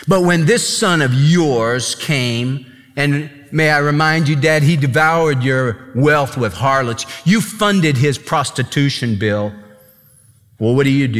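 A man's voice: mid-range voice, a bit bright, big-room sound. A man voicing a bitter, resentful older brother who complains with indignant sarcasm.

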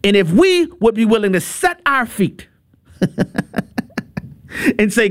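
A man preaching on a radio appeal, emphatic and animated, often repeating words in quick bursts and making playful asides. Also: high voice, no echo.

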